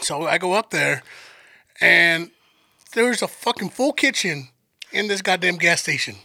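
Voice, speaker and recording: Animated, profane man telling a story. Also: high-pitched, measured pace, creaky, no echo. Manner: animated, profane, acts out voices in his stories. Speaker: storyteller on a podcast. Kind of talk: profane comic storytelling chat.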